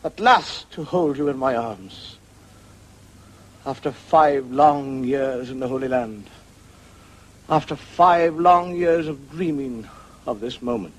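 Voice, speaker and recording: An actor playing an ardent knight home from a long crusade in a comedy sketch. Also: male voice, mid-range voice, slow, pauses often. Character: hesitant patient, then ardent returning knight.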